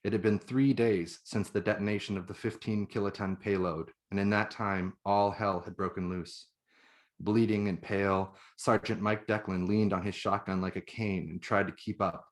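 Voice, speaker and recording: A man, the author, reading his own novel aloud in measured, even narration. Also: lowish voice.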